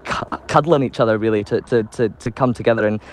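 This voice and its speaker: Guy doing a live news report on the scene, calm and serious. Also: lowish voice. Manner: measured, sombre delivery with fillers.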